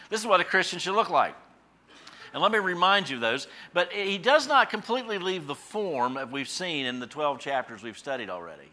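A man's voice: fairly high pitch, sharp tone. A middle-aged man preaching a casual, folksy Bible sermon, with plenty of fillers and restarts and sudden bursts of emphasis on key phrases. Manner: punches key phrases by suddenly raising his voice. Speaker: pastor and Bible teacher. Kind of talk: conversational radio sermon.

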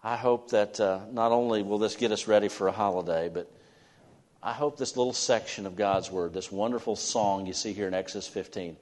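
A male pastor preaching a sermon, alternating loud emphatic stretches with soft, slow, quiet endings. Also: on the low side. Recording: long reverb of a large hall.

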